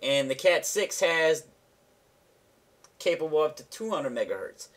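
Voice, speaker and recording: A man's voice: fairly high pitch, animated, a little slow. A man hosting a gaming channel, explaining gear in a loose, rambling, conversational way with slangy asides. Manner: slangy, offhand. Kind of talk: casual tech vlog explanation.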